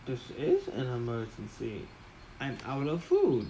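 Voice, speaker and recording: Childlike male goblin apprentice played by a man, high-pitched, broken speech, unhurried. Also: huge pitch swings, warm tone, slight background noise, poor audio. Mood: pleading. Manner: broken third-person speech.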